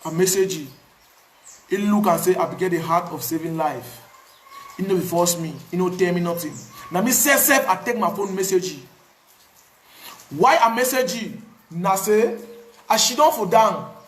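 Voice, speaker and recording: A man with a Cameroonian Pidgin English accent tells his own story in a casual, animated way, repeating words for emphasis. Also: sits high, moderate pace, long pauses, roomy sound. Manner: animated, repetitive, pidgin phrasing. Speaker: activist.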